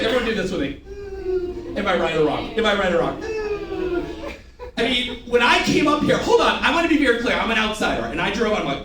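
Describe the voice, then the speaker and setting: A fast-talking man with a high-sitting voice trains a room of sales staff live, animated and playful, drilling them with call-and-response. A crowd can be heard in the background, and the large, echoey room is captured from a distance.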